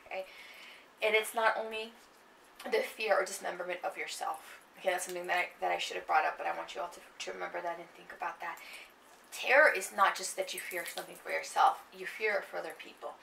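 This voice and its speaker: A woman's voice: fairly low pitch, fairly even intonation, fast talker, creaky, bright, forceful tone. A woman lecturing on literature in a classroom, chatty and conversational, often checking in with "okay" and speaking to her students. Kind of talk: classroom lecture, reading aloud. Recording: echoey classroom from far off, faint noise.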